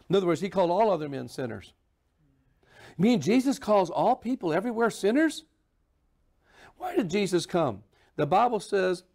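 A man's voice: fairly high pitch, darkish tone. A man preaching a sermon in a church, emphatic and sarcastic, often mocking opposing views in put-on voices. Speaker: pastor.

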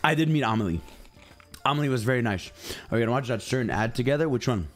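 A man's voice: medium pitch, animated, fast, faint music behind. A young adult man streaming, chatting casually and rambling while talking straight to his chat. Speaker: game streamer.

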